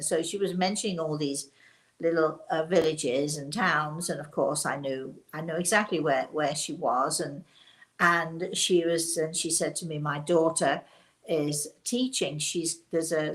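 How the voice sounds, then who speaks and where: An older woman from Leicester with a softened English accent, telling a personal story in a chatty way with many restarts. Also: on the low side. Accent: softened English, not strongly local. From Leicester, England. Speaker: spiritual medium host. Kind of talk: casual storytelling.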